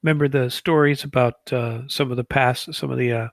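Gravelly man, halting commentary. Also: mid-range voice, steady tone, no room sound. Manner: halting, many fillers and restarts. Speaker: political commentator. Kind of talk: casual commentary monologue.

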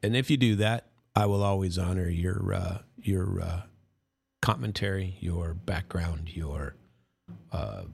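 A man's voice: low voice, creaky. A middle-aged man hosting a casual, rambling monologue, folksy and full of restarts. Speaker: host.

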